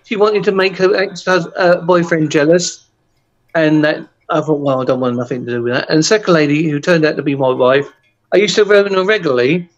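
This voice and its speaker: A man's voice: high voice, dull audio. A man with an Essex English accent, chatting casually on a video call and telling rambling stories with lots of restarts. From England. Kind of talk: casual chat, storytelling.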